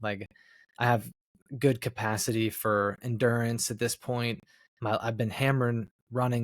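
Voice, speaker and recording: A man co-hosting a podcast, talking casually and reflectively, often pausing on fillers as he searches for words. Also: mid-range voice, fairly even intonation, no echo, studio quality. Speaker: podcast co-host. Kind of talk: casual chat.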